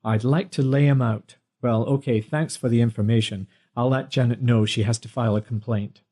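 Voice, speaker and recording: A cheeky young man, quick-witted and playful, bantering and talking back without fear, as a male narrator plays him. His voice is warm and mellow at a middle pitch, read for an audiobook. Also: steady tone, close to an everyday voice. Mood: friendly.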